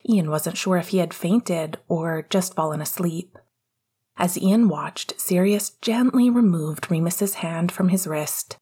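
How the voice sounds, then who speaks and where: A woman narrating fan fiction in a steady, hushed way. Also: fairly low pitch, measured pace, breathy edge.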